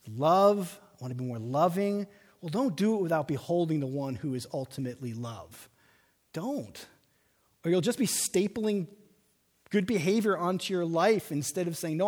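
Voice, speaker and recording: A man preaching a sermon as pastor, animated, slowing down to stress his points. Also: high voice. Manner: animated preaching with slow emphatic stretches. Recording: long reverb of a large hall.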